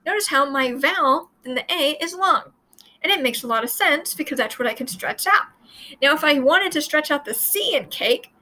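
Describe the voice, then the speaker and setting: A woman's voice: high-pitched, expressive, moderate pace, sharp tone, rough recording. A woman teaching Latin in a casual, chatty way, repeating points and sounding out words as she explains.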